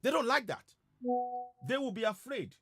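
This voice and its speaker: A man's voice: very high voice, expressive, moderate pace, gravelly, pushed and bright, no echo, soft background music. A man giving an impassioned broadcast address, urging listeners with repeated calls to act. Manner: urgent, repetitive, exhorting. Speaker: political commentator.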